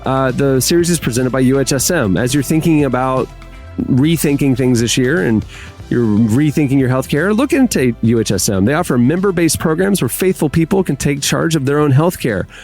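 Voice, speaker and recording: A man's voice: medium pitch, lively intonation, normal speed, a little mellow. Male podcast host, upbeat ad read, faint music behind. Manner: upbeat, promotional. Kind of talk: reading an ad and show notes.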